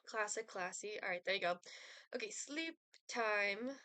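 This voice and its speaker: A woman's voice: medium pitch, a little slow, bright, forceful tone, no room sound. A young woman streaming a life-sim game, chatting casually with lots of fillers and giggles. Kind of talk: casual gameplay chat.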